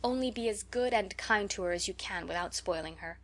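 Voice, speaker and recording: A woman reading an audiobook and voicing a shy, mild elderly bachelor who speaks softly and reassuringly. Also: medium pitch, a little fast, lightly acted. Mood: gentle.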